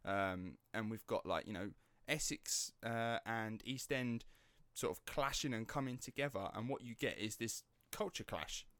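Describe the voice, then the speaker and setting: Podcast host, English man, Estuary accent, lively storyteller who swears casually, lowish voice. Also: unhurried, few pauses, dry recording. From England. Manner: animated storyteller, swears freely. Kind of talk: casual chat.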